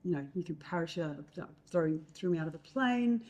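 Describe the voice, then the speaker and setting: A middle-aged Australian woman, speaking as a guest in conversation, spins her story with plenty of fillers and acted-out quotes. Her voice sits a little low and sounds warm and mellow. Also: animated, a little fast.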